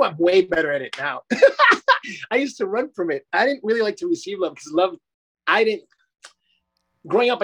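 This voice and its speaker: A man's voice: a little high, fairly bright tone, slightly rough. A middle-aged man, a life coach, talking effusively and emphatically in a casual interview, swearing casually.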